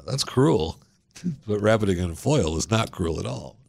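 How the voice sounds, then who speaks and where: A man's voice: lowish voice, expressive, unhurried, creaky, darkish tone, slightly rough. A man hosting a podcast, telling rambling, self-mocking anecdotes in a casual way. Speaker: podcast host. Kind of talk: casual storytelling.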